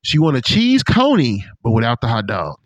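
Animated, profane man telling stories. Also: medium pitch, moderate pace, no echo. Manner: animated, profane storytelling with put-on quotes. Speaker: podcast host. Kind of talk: casual chat.

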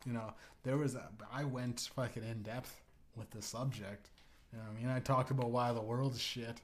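A man's voice: medium pitch, fairly even intonation, normal speed. A man hosting a podcast, rambling through a provocative, profane comedic monologue full of restarts. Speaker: podcast host.

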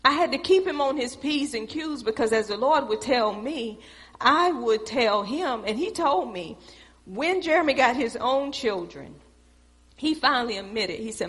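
A middle-aged woman telling a preached testimony, speaking in an animated storytelling way and calling out to her audience. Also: fairly high pitch, normal speed.

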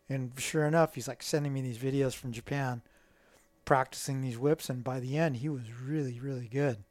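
A middle-aged man, a guest, telling stories in a casual, animated way and acting out the voices of people in them. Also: medium pitch, brisk, no echo. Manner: animated, acts out quoted dialogue. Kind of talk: casual storytelling.

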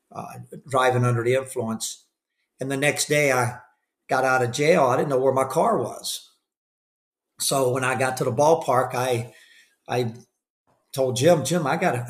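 An older man telling a candid story in an interview, rambling with restarts and fillers. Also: medium pitch. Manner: acts out the voices of people he quotes; candid and self-deprecating. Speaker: podcast guest.

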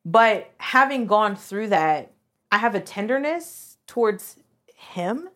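A woman's voice: mid-range voice, animated, takes it slowly, a bit bright. A woman co-hosting a podcast, telling a personal story candidly and with emotion, full of "like" fillers. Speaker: podcast co-host.

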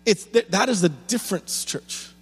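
A man preaches to his congregation, his voice sitting high for a man. He pushes through rhetorical questions and repeated lines with rising force. The sound carries a long hall reverb over a faint mains hum. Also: animated, moderate pace, slightly rough. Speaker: pastor. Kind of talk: sermon.

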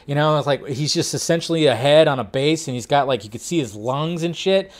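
A man hosting a casual entertainment news talk, animated and rambling, laughing often. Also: on the high side, a little fast. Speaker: host.

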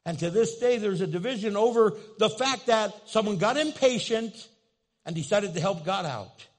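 A man's voice: high voice, animated, normal speed. A man preaching a sermon in a church, telling a story with humor and asking his listeners questions. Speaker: pastor.

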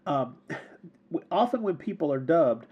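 A man's voice: a little high, sing-song, measured pace, breathy edge, muffled recording. A man co-hosting a podcast, talking casually about films in a rambling way, with many repeated words and frequent laughs. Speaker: podcast co-host. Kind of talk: casual film discussion.

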